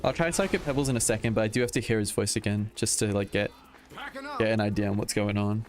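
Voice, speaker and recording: With game music running underneath, a young man with an Australian accent gives loose, sweary commentary as a gaming YouTuber, laughing and wandering off topic. His voice is on the low side, fairly even in intonation and quick.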